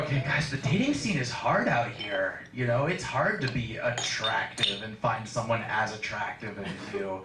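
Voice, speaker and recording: A young man doing a stand-up set in a small comedy café, with a deadpan, slow and awkward delivery. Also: fairly low pitch, a loud crowd. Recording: roomy club sound from far off, audience.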